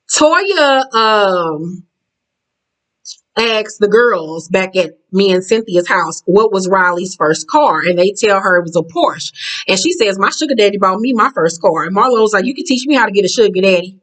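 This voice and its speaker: A woman recapping a reality show in blunt, profane, catty casual talk, jumping up in pitch as she acts out quotes. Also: moderate pace, a bit bright, rough recording.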